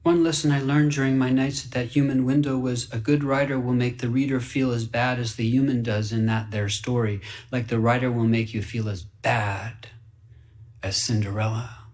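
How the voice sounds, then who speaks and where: A man reading a fable aloud for radio in an earnest, wide-eyed way, dropping to hushed whispers and rising into excited bursts. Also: medium pitch, moderate pace. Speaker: story reader.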